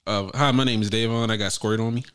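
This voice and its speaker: A man co-hosting a casual podcast, loud, joking and profane. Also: lowish voice, fairly even intonation, fast talker, clean tone. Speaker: podcast co-host. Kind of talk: casual chat.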